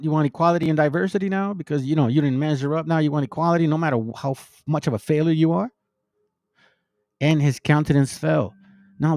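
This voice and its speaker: A man's voice: fairly high pitch, darkish tone, no room sound. A man teaching from the Bible in a loose, slangy way, acting out bits of dialogue as he goes. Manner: preachy, slangy, acts out dialogue. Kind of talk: informal Bible commentary.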